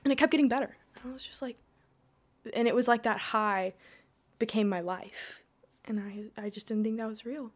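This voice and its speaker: A woman's voice: fairly high pitch, fairly even intonation, normal speed. A young woman telling her personal faith story in casual conversation, rambling with lots of "like" and restarts. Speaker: guest.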